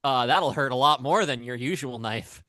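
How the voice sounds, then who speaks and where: A man's voice: medium pitch, normal speed, bright, forceful tone, dry recording, clean studio sound. A man playing in a tabletop game, rambling and hesitant as he describes his actions. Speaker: player. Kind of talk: casual tabletop play.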